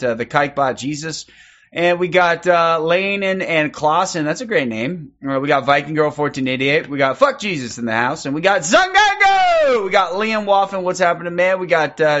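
A man hosting a livestream in loose, casual chat, reeling off quick shout-outs and swearing freely. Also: on the high side, lo-fi sound. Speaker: livestream host.

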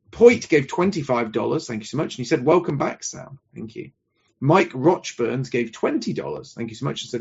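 A man's voice: medium pitch, creaky, husky. A man hosting a show, politely reading out viewer donations and messages. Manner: polite, courteous. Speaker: host. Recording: muffled lo-fi audio.

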